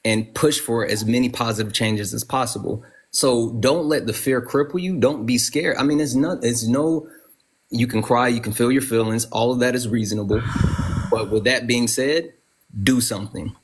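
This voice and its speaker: A man's voice: medium pitch, moderate pace, slightly rough. A man hosting a live stream who talks in an earnest, urgent way and often restarts his sentences. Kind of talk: casual live stream chat.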